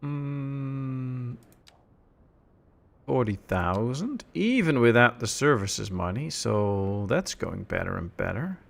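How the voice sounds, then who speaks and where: Gravelly man chatting through a stream. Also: medium pitch, slow pace. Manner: relaxed, chatty, reads out chat messages. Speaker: streamer playing a city builder. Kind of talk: casual live-stream commentary.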